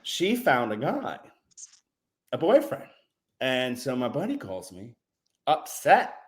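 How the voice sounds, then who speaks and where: A man's voice: mid-range voice, wildly swooping pitch, slow. Blunt, profane man telling war stories. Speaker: podcast guest, former Navy corpsman. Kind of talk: casual storytelling chat.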